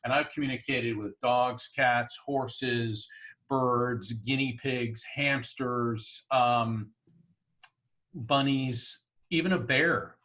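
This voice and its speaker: A man, a psychic medium, chatting in an interview and telling lively stories with frequent laughs. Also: medium pitch, slow pace. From Florida, US. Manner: chatty, laughs often, animated storyteller. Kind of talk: storytelling in an interview.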